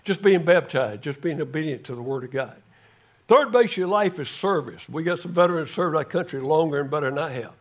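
An older man delivers a sermon in a fairly high voice. He tells his story with drama, rising into loud calls and dropping to a near hush for emphasis. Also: animated, brisk. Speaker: guest preacher.

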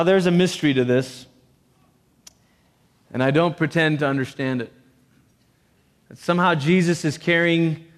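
A man preaching a sermon, animated, with joking asides and voices put on for quotes. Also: on the high side. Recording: long reverb.

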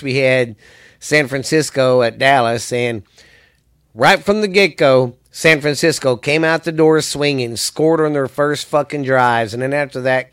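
A man's voice: mid-range voice, a bit bright, smooth. A man hosting a sports podcast, ranting angrily and rambling with lots of cursing. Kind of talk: profane ranting commentary.

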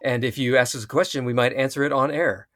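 A man hosting a podcast in casual chat, wry and quick to laugh. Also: medium pitch, steady tone, a bit bright. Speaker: podcast host.

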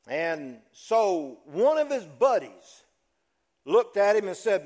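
A preacher delivers his sermon as a dramatic story. His voice is higher than usual for a man, and he takes his time, swinging from loud to hushed. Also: sing-song, slow. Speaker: pastor.

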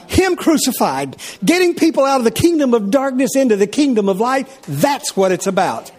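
A man preaching a sermon, telling stories with lively back-and-forth dialogue. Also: extremely high pitch. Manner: animated storytelling, acts out his wife and himself in dialogue. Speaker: pastor.

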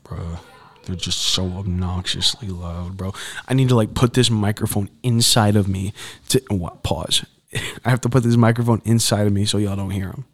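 A young man hosting a solo sports podcast from a campus podcast booth, chatting casually with slangy asides and frustrated rants. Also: lowish voice. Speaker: podcast host.

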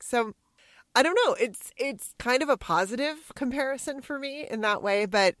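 A woman's voice: a little high, expressive, normal speed, fairly bright tone, dry recording, clean studio sound. A woman co-hosting a podcast, playful and thinking aloud in casual chat. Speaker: podcast co-host.

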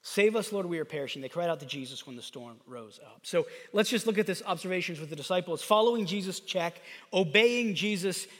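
A man preaching a sermon in a conversational, animated way that builds to fervent emphasis. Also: high-pitched, a little fast, few pauses. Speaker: pastor. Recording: long hall reverb.

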